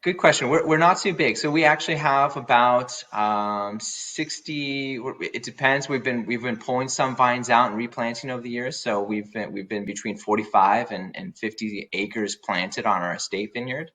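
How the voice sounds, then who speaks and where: A man's voice: mid-range voice, moderate pace, hardly any pauses, pushed and bright. A man, a winemaker guest in a podcast interview, talking casually with many fillers and restarts.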